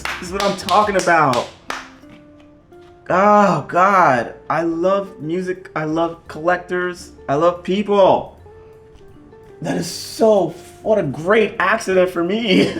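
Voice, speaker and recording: A man hosting a casual vlog as he unboxes vinyl records, excitable and gushing, swearing often. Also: high voice.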